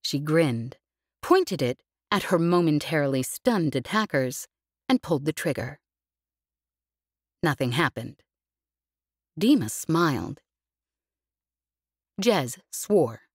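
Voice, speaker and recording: A woman narrating a space adventure audiobook in an expressive, brisk reading. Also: sits low, no echo, clean studio sound. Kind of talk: scripted narration.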